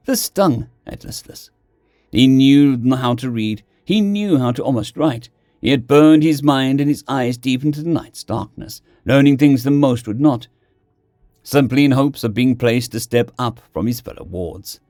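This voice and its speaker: A man narrates a fiction story with expressive, animated delivery. His pitch moves lively through each sentence. The recording is close to the mic and dry. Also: moderate pace, no room sound, faint music behind.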